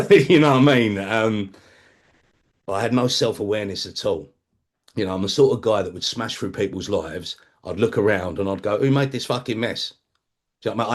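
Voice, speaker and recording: A man speaking at a recovery meeting, sharing his personal testimony in a blunt, conversational way, swearing freely and acting out other people's voices. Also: sits low.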